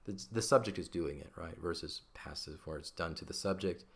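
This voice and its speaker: A Latin teacher speaks a little fast in a low voice with vocal fry while teaching grammar over a shared screen. He's relaxed and chatty, often checking in with "right?".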